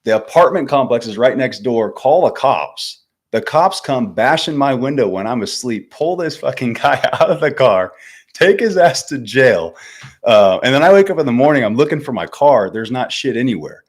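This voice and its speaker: A man's voice: mid-range voice, lively intonation, moderate pace. A man in his twenties from California, a podcast guest telling stories in a laid-back, slangy way, calling the host man and bro. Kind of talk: casual storytelling interview.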